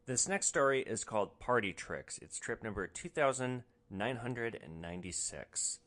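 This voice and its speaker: A man's voice: medium pitch, animated, normal speed, a bit bright. Guy telling his driving stories on a podcast, blunt and sarcastic, voice jumps around a lot. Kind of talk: casual storytelling.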